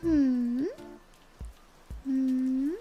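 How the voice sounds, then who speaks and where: A woman's voice: high voice, steady tone, drawn-out words, highs cut off, soft background music. A young woman reading tarot on a live stream in a bubbly, giggly put-on voice, often flustered and apologetic. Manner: bubbly, giggly, flustered while fixing audio.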